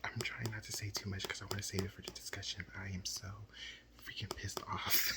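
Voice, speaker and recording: Low-voiced male book reviewer, breathy late-night whisper, exasperated and repetitive. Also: level tone, a little fast, low-quality recording. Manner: whispering, repeating himself in exasperation.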